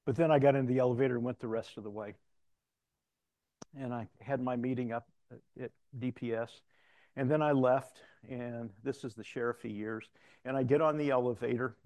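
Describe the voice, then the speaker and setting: A man's voice: medium pitch, steady tone, normal speed, a little mellow, no echo. An older man preaching a sermon in a conversational storytelling way, mixing personal anecdotes with scripture references.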